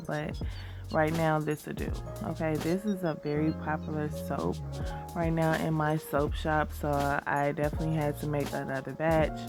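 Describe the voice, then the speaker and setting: A woman with a scratchy voice, getting over a cold, chatting casually as she demonstrates soap making and calls viewers y'all. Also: low voice. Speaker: soap maker and shop owner. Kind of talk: casual how-to narration. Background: background music.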